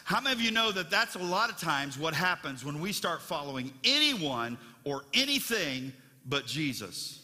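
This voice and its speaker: A man's voice: fairly high pitch, sing-song, moderate pace, pushed and bright, long reverb tail. A man preaching a sermon as pastor of his church, conversational and storytelling, with frequent restarts.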